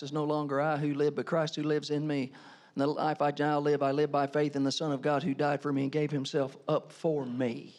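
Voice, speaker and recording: A middle-aged man preaching a sermon as a pastor, emphatic and animated, full of rhetorical questions. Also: fairly high pitch.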